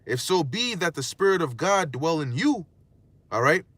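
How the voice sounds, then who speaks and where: A man's voice: fairly high pitch, sing-song, moderate pace, a bit bright, dry recording. A man teaching scripture in a casual, slangy and blunt way, often checking in with his listeners. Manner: slangy, streetwise, blunt with occasional cursing. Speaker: preacher.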